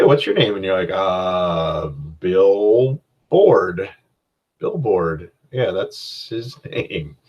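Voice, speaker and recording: A man hosting a casual solo podcast as a game master, giving rambling, conversational advice and often restarting his sentences. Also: deep voice.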